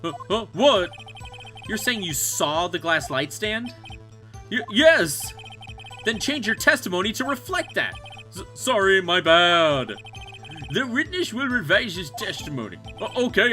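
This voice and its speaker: A man's voice: high voice, a little slow, sharp tone. A man voicing a flustered, pompous male witness who stammers nervously, with game music underneath.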